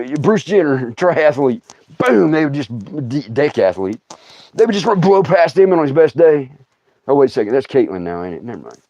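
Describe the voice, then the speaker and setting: A middle-aged man telling stories on a livestream in a casual, animated way, laughing often and acting out other people's voices. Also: on the high side, no room sound. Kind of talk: casual storytelling.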